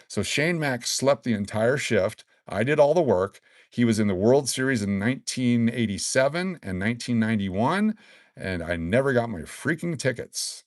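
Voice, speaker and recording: Excitable rambling man hosting a live stream. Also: medium pitch, normal speed, dry recording. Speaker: livestream host giving away collectible cards. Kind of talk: casual live-stream chat.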